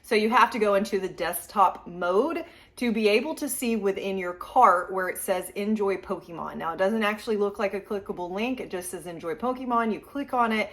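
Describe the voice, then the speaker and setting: A woman's voice: medium pitch, a bit bright. A woman vlogger venting in a rambling, frustrated casual rant to her viewers. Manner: frustrated, rambling, quick asides. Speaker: collector vlogger.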